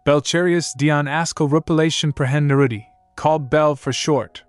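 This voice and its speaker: A man's voice: a little high, fairly even intonation, moderate pace, clear, resonant tone, no room sound, faint music behind, natural voice. A man voicing a proud, clever young princess who speaks in a cool, formal, commanding way. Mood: determined.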